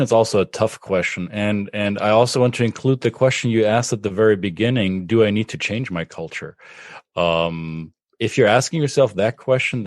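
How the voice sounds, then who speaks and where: Deep-voiced German man, measured. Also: no room sound, clean studio sound. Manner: thoughtful, measured explanations with frequent restarts. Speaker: guest. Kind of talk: podcast interview.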